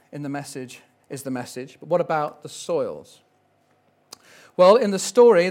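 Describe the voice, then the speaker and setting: Male preacher, gentle reflective sermon delivery, slightly raised pitch.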